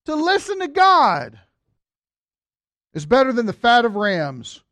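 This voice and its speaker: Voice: mid-range voice, wildly swooping pitch, takes it slowly, fairly bright tone, dry recording. A Bible teacher giving a conversational lesson, breaking off for jokes and talking straight to the listeners. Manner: joking asides, addresses listeners directly.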